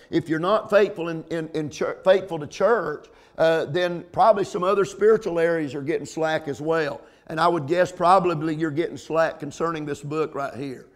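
With a voice on the high side, a middle-aged man preaches as a pastor. His sermon features repetition, plenty of "amens," and deliberate slowdowns for emphasis that give way to loud peaks.

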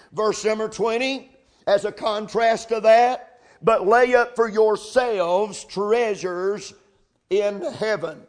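Slow high-voiced preacher man. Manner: slow preaching with emphatic repetition of scripture. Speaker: pastor. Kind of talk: sermon.

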